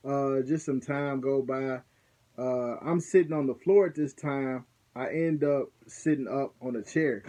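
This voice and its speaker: A man's voice: mid-range voice, darkish tone. A young man casually recounting a personal experience, loose and conversational, often checking in with the listener. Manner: loose and conversational, peppered with "you know what I'm saying". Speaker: vlogger recounting a ceremony. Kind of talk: casual storytelling.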